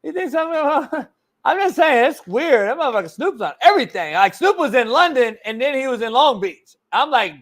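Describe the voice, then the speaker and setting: A man's voice: very high voice, sing-song, moderate pace. A man hosting a sports talk show, joking and cursing in casual banter, restarting his sentences often. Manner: profane, rambling, joking with stammered restarts. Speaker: show host.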